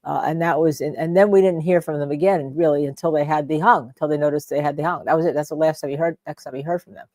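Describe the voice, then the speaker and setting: A woman's voice: sits low, steady tone, fast, few pauses, warm tone, no echo. A woman co-hosting a live trial-watch show, a lawyer talking in a loose, rambling way with many fillers. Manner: rambling, heavy on fillers and restarts. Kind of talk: casual chat.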